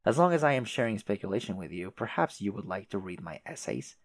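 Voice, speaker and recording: Man playing prim faux-British advisor, fussy formal diction, long-winded, lowish voice, dry close sound. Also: big pitch swings, fast, dry recording. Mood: earnest. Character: prim, verbose troll advisor putting on a British manner.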